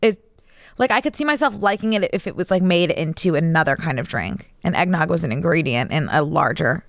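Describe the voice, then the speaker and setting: A woman's voice: sits low, expressive, brisk, creaky, no room sound, clean studio sound. A young woman co-hosting a podcast, playful and insistent in casual chat. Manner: playful, insistent, laughing easily. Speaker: podcast co-host.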